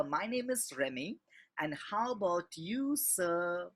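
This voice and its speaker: A male French teacher works through a textbook exercise slowly and patiently. His voice is a little husky, and his pitch rises and falls a lot as he stresses each word and spells it out letter by letter. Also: animated, a bit bright. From India.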